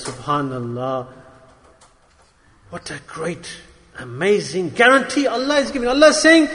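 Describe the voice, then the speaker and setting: A man's voice: very high-pitched, pushed and bright, long reverb tail. A man preaching an emotional sermon to his brothers, pleading and impassioned, his voice rising and falling sharply.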